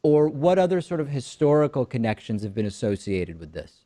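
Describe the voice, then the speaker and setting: Male talk show host, mellow tone, measured questions, repeated words. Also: mid-range voice, big pitch swings. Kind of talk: interview.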